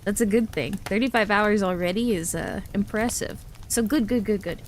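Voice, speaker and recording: A woman's voice: medium pitch, normal speed, slight background noise. A woman livestreamer chatting casually with her viewers, rambling, giggling often and restarting her sentences. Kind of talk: casual chat with live chat.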